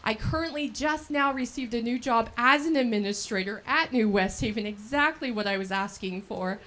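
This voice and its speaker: A woman's voice: a little high, moderate pace, a bit bright. A woman in her thirties from El Dorado County, telling her own story in a chatty, laughing way as a scholarship recipient speaking at a fundraiser. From El Dorado County, California. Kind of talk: speech at a fundraiser event. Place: event at a brewery.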